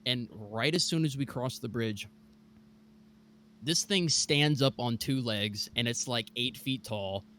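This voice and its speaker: A young man from Mississippi telling a scary true story on a podcast, animated and full of fillers. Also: medium pitch, a little slow, slight background noise. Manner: animated, many fillers like "like" and "bro". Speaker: guest storyteller.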